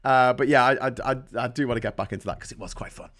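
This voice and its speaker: A man's voice: mid-range voice, rapid-fire, a bit bright. A man with a Liverpool accent hosting a casual livestream, reading viewer comments aloud and reacting in a blunt, sweary, rambling way. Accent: Liverpool (Scouse). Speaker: livestream host.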